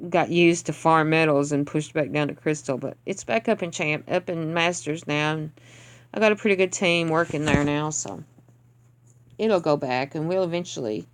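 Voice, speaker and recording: A woman leading a gaming clan, giving casual commentary over gameplay in a blunt, exasperated rant. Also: low-pitched. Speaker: clan leader reviewing game attacks.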